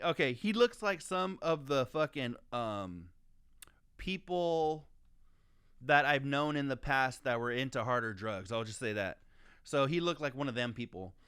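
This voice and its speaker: A man co-hosting a podcast, telling a story in profane, animated casual chat. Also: medium pitch, clean tone. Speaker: podcast co-host.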